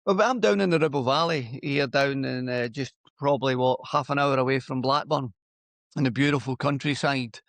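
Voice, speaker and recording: A man's voice: medium pitch, moderate pace, no room sound. A man in his fifties whose Scottish accent has picked up a Lancashire lilt, speaking in a dry, close-miked sound. He tells his stories in an easygoing, anecdotal way during a casual podcast chat. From Scotland. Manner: relaxed, anecdotal storytelling. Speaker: podcast guest, former footballer.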